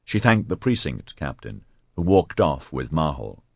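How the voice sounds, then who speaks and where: Male narrator for an audiobook, very low voice, measured, dry close mic. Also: big pitch swings, creaky, darkish tone, husky, no room sound. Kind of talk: scripted narration.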